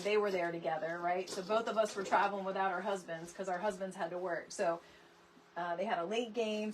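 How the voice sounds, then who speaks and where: A middle-aged woman hosting a casual craft tutorial livestream, chatty and animated, greeting viewers by name from her home craft room. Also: mid-range voice, slight background noise. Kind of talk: casual live crafting chat.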